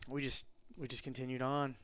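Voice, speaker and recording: A man telling stories casually as a guest, acting out quotes in lively bursts. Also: fairly quick, no echo. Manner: animated, acts out quotes with big jumps in pitch. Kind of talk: casual storytelling.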